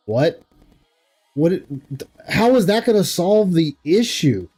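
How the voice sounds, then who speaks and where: Man, casual stream commentary, slightly high voice, mellow tone, rambling, incredulous. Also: sing-song, measured pace, long pauses. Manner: rambling, incredulous, laughs often. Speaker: livestream host reacting to an interview. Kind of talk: casual commentary reading chat.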